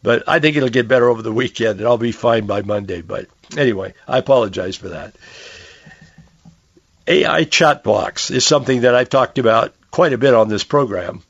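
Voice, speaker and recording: Hoarse man hosting talk radio. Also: medium pitch, moderate pace, no room sound, muffled recording. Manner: conversational, earnest, with frequent restarts. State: hoarse, losing his voice. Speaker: radio talk show host. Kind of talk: political and religious commentary monologue.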